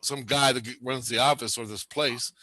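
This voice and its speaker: A man's voice: mid-range voice, steady tone, moderate pace, bright, forceful tone, no echo. A man telling a rambling, profane story in casual chat, laughing often.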